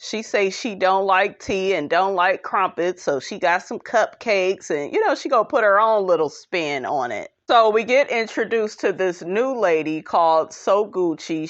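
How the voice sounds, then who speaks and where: A woman's voice: mid-range voice, animated, measured pace, highs cut off. A woman hosting a podcast, recapping a reality show in a sassy, gossipy way and talking straight to her listeners. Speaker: podcast host.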